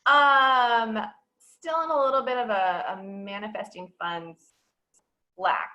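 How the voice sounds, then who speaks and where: A woman speaking as a guest in a casual podcast conversation, bubbly and quick to laugh. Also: on the high side, steady tone, pushed and bright, poor audio.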